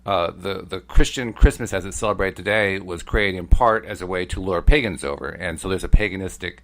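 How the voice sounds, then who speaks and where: Middle-aged male co-host, lower pitch, measured and explanatory. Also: fairly bright tone. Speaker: podcast co-host. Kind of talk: casual chat.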